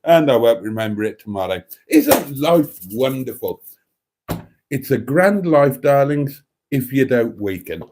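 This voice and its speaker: A man's voice: medium pitch, big pitch swings, unhurried, darkish tone, slight background noise. A man hosting a live stream, chatting in a theatrical, camp way, calling listeners darlings and rambling with self-mocking muttered asides. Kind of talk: casual chat reading out viewer comments.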